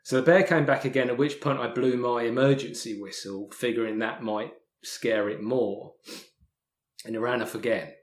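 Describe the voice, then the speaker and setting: An English man, a podcast guest, telling a story in casual talk, halting with many restarts and repeated words. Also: mid-range voice, fairly even intonation, roomy sound. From England. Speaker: podcast guest, hiker and author.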